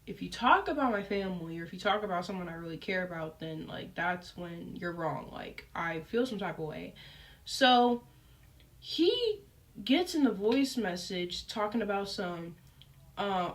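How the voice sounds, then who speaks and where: A young woman tells a casual storytime to her camera. She talks in an animated way and uses plenty of fillers. Her mid-range voice sounds a bit distant from the mic. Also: mid-range voice, unhurried. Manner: animated, lively retelling with frequent fillers. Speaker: vlogger. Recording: voice picked up from a distance.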